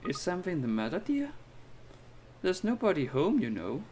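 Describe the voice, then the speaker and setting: A man's voice: sits high, huge pitch swings, normal speed, darkish tone, a little hiss or hum, pitched above the performer's own voice. A man doing a gossipy old neighbor lady. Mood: gossiping. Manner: chattering, sighing, calls everyone dear. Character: gossipy old woman neighbor, fussy and kindly. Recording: game music behind the voice.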